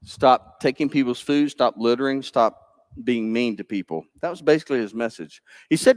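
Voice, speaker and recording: A man pastor, telling a Bible story to children in church with lively, playful asides. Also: mid-range voice, moderate pace, dry recording, studio quality. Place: church sanctuary.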